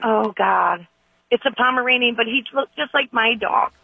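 Gravelly-voiced woman caller, bubbly, emotional, heard over a dull, dry phone line. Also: on the high side, moderate pace, dry recording. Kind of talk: call-in radio talk.

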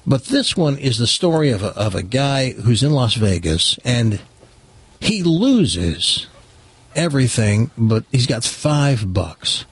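A man's voice: mid-range voice, slow pace, slightly rough, no echo. A man hosting a radio talk show, chatting casually and telling a long joke, acting out the characters. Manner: animated storyteller, voices characters in a joke.

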